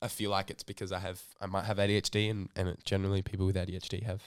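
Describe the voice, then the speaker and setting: A young man co-hosting a podcast in casual chat, talking quickly in rambling, self-interrupting bursts. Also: deep voice, flat delivery, smooth, no room sound, clean studio sound. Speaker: podcast co-host.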